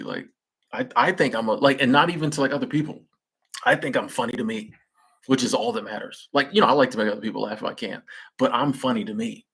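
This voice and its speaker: A man's voice: medium pitch, fast, fairly bright tone, breathy edge. A young man hosting a live stream, chatting casually with viewers in slangy speech and laughing at his own jokes. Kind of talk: casual chat reading viewer comments.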